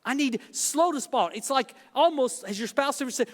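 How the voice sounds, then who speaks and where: A middle-aged pastor preaches in a long-echoing church hall. His voice sits high for a man, and he tells stories with self-deprecating humor, acting out little bits of dialogue. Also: expressive, fairly quick, hardly any pauses, fairly bright tone. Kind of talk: sermon. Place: church sanctuary.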